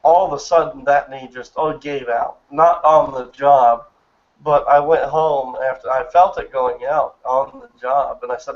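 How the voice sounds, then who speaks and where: A man's voice: mid-range voice, steady tone, unhurried. A man in his thirties telling a personal story in an earnest, emotional way during a casual chat. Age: 30s. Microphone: online voice chat. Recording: muffled lo-fi voice chat audio.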